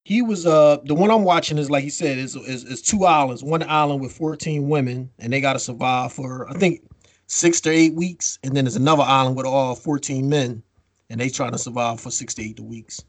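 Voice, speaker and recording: A man cohosting a podcast, telling stories in a casual, profane, animated way. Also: medium pitch, brisk, no room sound. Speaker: podcast co-host.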